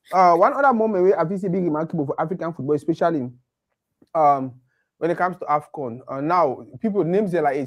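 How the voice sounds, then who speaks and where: A man with a Nigerian accent chatting animatedly about football, slipping into Pidgin. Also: fairly high pitch. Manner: animated, mixes Pidgin with English. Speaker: co-host. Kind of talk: casual football chat.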